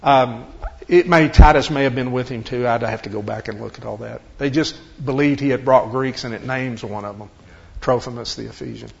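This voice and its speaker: A man's voice: medium pitch, fairly even intonation, a little fast, creaky. A man leading a conversational Bible study, explaining step by step and asking rhetorical questions. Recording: dull lo-fi recording.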